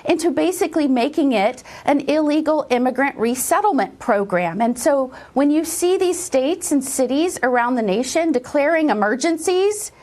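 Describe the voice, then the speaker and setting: A woman giving political commentary in a deliberate, emphatic way. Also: high-pitched, animated, darkish tone.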